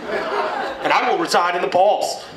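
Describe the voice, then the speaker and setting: A man performing a crude, animated stand-up comedy set in a packed club. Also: high-pitched, unhurried, far from the mic, heavy background noise. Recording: echoey room mic'd from afar, loud crowd laughter.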